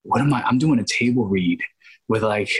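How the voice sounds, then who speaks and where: A man in his thirties, an actor being interviewed, telling animated stories and acting out the people in them with many asides and restarts. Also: on the low side, moderate pace, breathy edge, low-quality recording. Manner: acts out quoted voices, many restarts and asides. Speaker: actor guest.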